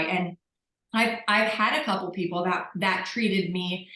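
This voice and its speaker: A woman's voice: lowish voice, steady tone, a little slow, bright, forceful tone, reverberant, rough recording. A woman telling her story candidly on a group call, acting out what people said. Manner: candid, self-mocking storyteller who acts out quotes.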